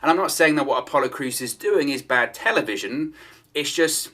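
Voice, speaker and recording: A man's voice: a little high, expressive, brisk, bright, forceful tone. A man giving solo opinion commentary on wrestling news, in a conversational manner and repeating his points for emphasis.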